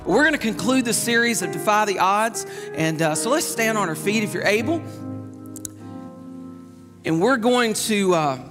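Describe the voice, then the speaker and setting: A pastor with a very high-pitched voice preaches a sermon, telling stories in lively, quick bursts. His voice rings with long reverb through a large church hall. Faint music sits beneath it. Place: church sanctuary.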